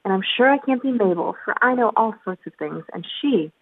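A woman's voice: mid-range voice, lively intonation, a little fast, dry recording. A woman voicing a puzzled, earnest little girl in a storybook reading, talking to herself in a wondering, fussy way. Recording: tinny phone-like line.

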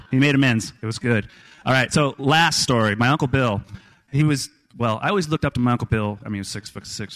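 Middle-aged guy telling funny family stories on stage, wry and jokey. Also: mid-range voice. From Kansas. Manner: wry, joking, acts out voices in quotes. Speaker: storyteller. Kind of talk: live storytelling on stage.

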